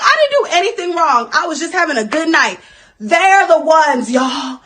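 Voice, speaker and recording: A woman's voice: high-pitched, big pitch swings, normal speed, fairly bright tone. A young woman telling a story-time vlog in a chatty, dramatic way. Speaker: storyteller in a played clip.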